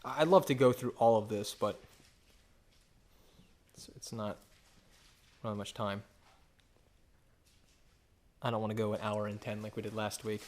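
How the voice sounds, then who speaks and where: A man's voice: lowish voice, fairly even intonation, measured pace, long pauses, a little mellow. Casual, joking male Bible teacher. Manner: casual, joking asides, rhetorical questions. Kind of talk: conversational sermon with storytelling.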